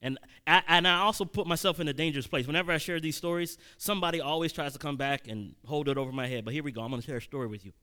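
A man, likely in his thirties, preaching a sermon as a personal story, conversational with sudden loud emphatic peaks and frequent restarts. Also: on the high side, very fast, few pauses, clean tone.

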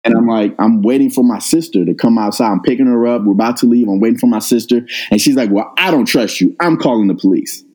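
A middle-aged man, a guest on an interview, telling a personal story in a casual, animated way and jumping up in pitch when he quotes himself. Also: quick pace, few pauses, poor audio. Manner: animated retelling, rises sharply when quoting himself. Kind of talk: conversational storytelling.

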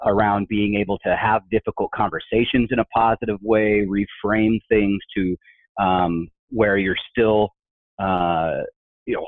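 Through a dry, tinny, phone-like recording comes a man's fairly low voice, chatting casually on a podcast. He tells workplace humor anecdotes as an animated storyteller, acting out the voices of those he quotes.

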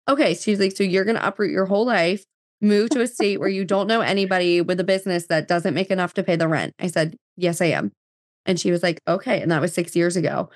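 Her voice sits on the lower side, captured with clean studio sound and no echo. She's a podcast guest in her thirties from New Jersey, recounting her story casually with plenty of fillers and quoted lines.

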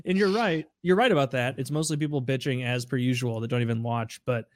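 A man's voice: medium pitch, fast talker, no room sound, studio quality. A man co-hosting a casual podcast chat, hesitant and swearing casually. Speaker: podcast co-host.

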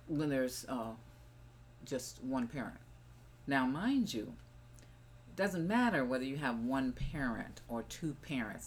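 An older woman with a very deep voice is a guest on a family podcast, where she's the mother telling stories and reflecting on how she raised her children. Her manner is reflective and wandering, in casual family chat, with slight background noise.

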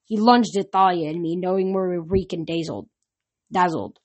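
A woman's voice: fairly low pitch, normal speed. A woman reading a novel aloud for her podcast, with occasional slips and restarts. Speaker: podcast reader.

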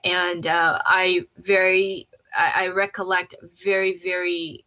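A woman guest telling a personal story in an animated way, acting out the voices of people she quotes, with frequent fillers and restarts. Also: lowish voice, slow pace, hardly any pauses, rough recording. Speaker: interview guest.

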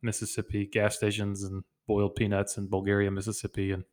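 A man co-hosts a podcast in easy, upbeat conversation, leaning on plenty of fillers. His voice sits a little low. He is heard over a video call on a podcast mic. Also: monotone, fairly quick, darkish tone. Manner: chatty, upbeat, many fillers. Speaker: podcast co-host. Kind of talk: casual podcast chat.

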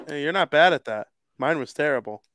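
A man hosting a casual sports podcast, joking and excitable as he talks. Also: on the high side, fairly quick, no room sound. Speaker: podcast host.

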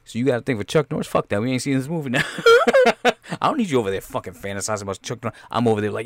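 A man giving a loud, laughing, profane comedic reaction to a movie trailer, full of slang. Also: mid-range voice, very fast, no echo.

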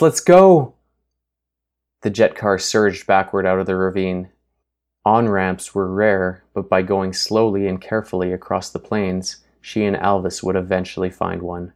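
A man reading a novel aloud as an audiobook narrator in steady, even storytelling. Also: deep voice. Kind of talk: scripted narration.

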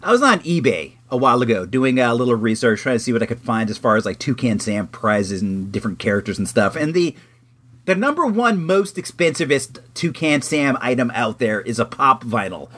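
A man's voice: mid-range voice, sing-song, brisk, a bit bright. A man hosting an internet radio show, chatting casually in a rambling way with many fillers. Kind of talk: casual radio segment monologue.

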